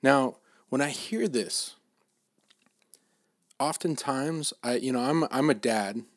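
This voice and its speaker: A middle-aged dad giving an informal sermon in a casual, halting way, with many restarts and fillers. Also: male voice, medium pitch, dry recording, studio quality. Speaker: dad giving a faith talk.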